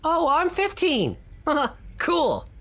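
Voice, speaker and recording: A woman voicing a shy, excitable teenage tiefling boy who stammers and gushes in a tabletop role-play. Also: mid-range voice, measured pace, exaggerated voice. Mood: flustered. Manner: stammering, eager, gushing.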